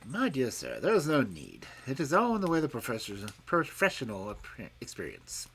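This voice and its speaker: Man doing a calm, courteous detective. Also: medium pitch, breathy edge, exaggerated voice. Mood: amused. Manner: measured and courteous. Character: calm, polite, amused male detective.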